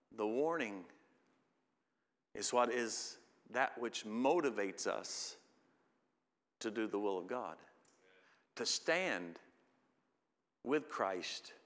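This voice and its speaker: A middle-aged man preaches from the pulpit at an unhurried pace, his bright, forceful tone rising to loud emphatic peaks on scripture. His voice rings out with a long reverb through a church sanctuary. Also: mid-range voice. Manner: slow, swelling to loud emphatic peaks when reading scripture. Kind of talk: sermon.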